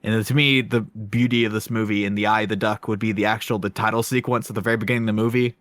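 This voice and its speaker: A man's voice: fairly low pitch, steady tone, fast talker, a bit bright, no room sound. A man co-hosting a podcast, rambling through a film review with many fillers and self-conscious asides. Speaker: podcast co-host.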